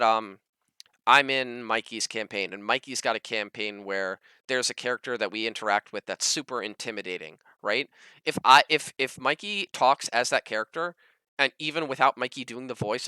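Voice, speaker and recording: Bright, emphatic man chatting. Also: clean tone, dry recording. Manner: animated, emphatic, lively pitch jumps. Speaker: podcast co-host, dungeon master. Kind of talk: casual panel chat.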